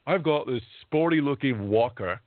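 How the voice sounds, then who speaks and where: A man's voice: medium pitch, animated, normal speed. A man in his fifties hosting a talk radio show, chatting casually and rambling, often laughing as he talks. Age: 50s. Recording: dry, phone-like internet radio audio.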